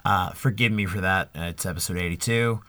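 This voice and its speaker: A man's voice: sits low, brisk, fairly bright tone, no echo. A man in his thirties hosting a podcast, rambling and joking with friends and swearing freely. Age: 30s. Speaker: podcast host. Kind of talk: casual podcast chat.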